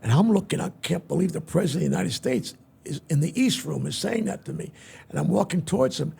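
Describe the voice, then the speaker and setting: A man's voice: expressive, quick pace, vocal fry, warm tone, slightly rough. An older man, a veteran entertainer, telling stories in an interview and acting out the voices of the people in them. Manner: acts out quoted voices with big pitch swings. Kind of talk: animated storytelling in an interview.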